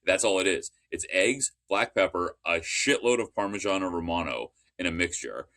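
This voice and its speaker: A man with a low, bright-edged voice tells a story on a casual sports podcast. He rambles eagerly, restarts his sentences and drops the odd curse. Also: animated, normal speed.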